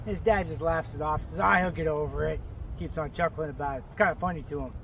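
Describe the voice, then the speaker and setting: Man, crude joke-teller, high voice, distant mic, outdoor vehicle noise. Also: fairly even intonation, quick pace, creaky, sharp tone. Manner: casual storytelling, crude language. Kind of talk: telling a dirty joke.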